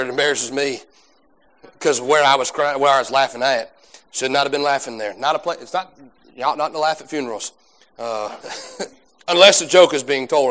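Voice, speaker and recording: A man preaching a sermon, swinging between loud drawn-out emphasis and quiet folksy asides. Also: a little high. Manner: folksy, self-deprecating asides. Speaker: pastor.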